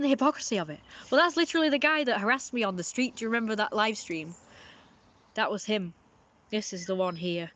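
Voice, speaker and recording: A woman talking casually on a live stream, speaking at a middling pitch. She rambles, starts phrases over and leans on filler words as she talks her audience through things. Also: quick pace, fairly bright tone, lo-fi sound. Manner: rambling, repeats herself, many fillers.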